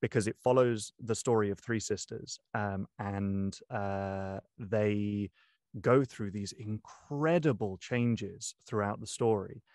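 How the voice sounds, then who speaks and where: Young man, audiobook narrator, low voice, dry close mic, thoughtful, hesitant. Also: slow pace, darkish tone, dry recording. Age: young adult. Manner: thoughtful, many ums and restarts. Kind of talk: interview guest, casual talk.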